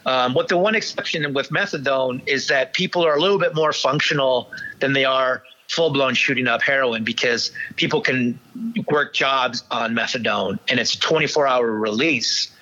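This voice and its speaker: Bright-voiced man telling his story haltingly. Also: medium pitch. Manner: halting, many restarts and fillers. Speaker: interview guest. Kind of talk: candid personal storytelling. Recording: dull lo-fi sound.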